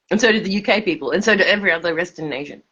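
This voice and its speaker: A woman's voice: a bit bright, slightly rough. Drunk Australian woman, rambling livestream chat, laughs mid-sentence, muffled lo-fi phone sound. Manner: loose, repetitive, laughs mid-sentence, sudden pitch jumps. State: drunk, slurring.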